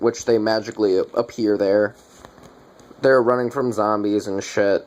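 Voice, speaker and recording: A man's voice: medium pitch, a little mellow. A young man giving a casual movie review, ranting in a profane, exasperated way.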